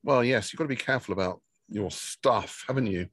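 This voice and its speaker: A man's voice: lowish voice, brisk, a bit bright, husky, dry recording. A man co-hosting a podcast, chatting casually and trading dry jokes with his co-host. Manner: dry, joking banter. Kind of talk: casual chat. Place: outdoors near a camper van.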